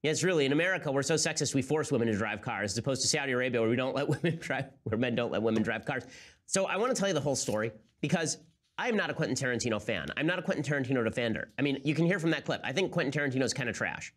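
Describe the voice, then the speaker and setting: A man's voice: medium pitch, expressive, racing, a bit bright. A man hosting a political commentary show, talking in a sarcastic, incredulous way. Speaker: host.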